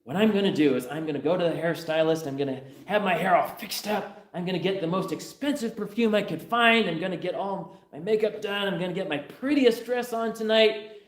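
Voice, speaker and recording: A giddy teenage girl, bubbling over with excitement and chattering in a high, breathless rush, as a male preacher puts her on. The voice rings through a roomy church hall. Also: a little fast, lightly acted.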